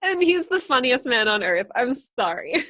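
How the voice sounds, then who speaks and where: A woman's voice: sits high, big pitch swings, moderate pace, a bit bright, no room sound, clean studio sound. A young woman co-hosting a casual movie podcast, giggly and gushing, filling her speech with "like". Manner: giggly, gushing, uses "like" a lot. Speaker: podcast co-host. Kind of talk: casual chat.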